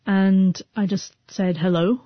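A woman's voice: mid-range voice, fairly even intonation, slow pace, no echo. Woman, 30s, interview guest with a stutter and frequent restarts; dry, slightly muffled recording. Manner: stutters, with repeated sounds and restarts. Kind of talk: personal storytelling interview.

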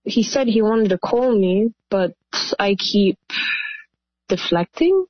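A woman interviewee speaking hesitantly and haltingly on a call. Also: mid-range voice, lively intonation, no room sound, dull audio. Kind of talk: phone interview.

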